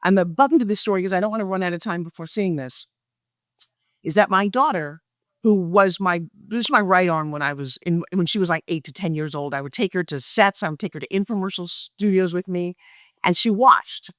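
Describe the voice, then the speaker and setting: A middle-aged woman, a guest in an interview, telling her story with animated energy and acting out quoted dialogue. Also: brisk, no room sound, studio quality. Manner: acts out quoted dialogue with lively pitch jumps. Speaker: guest, pitch expert and speaker.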